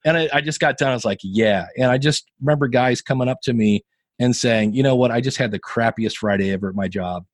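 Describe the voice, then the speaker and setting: A Northeast Ohio man in his fifties, a podcaster and guitarist, tells stories in a casual interview, his medium-pitched voice moving a little fast on a recording with no echo. He's a chatty storyteller who animatedly quotes other people.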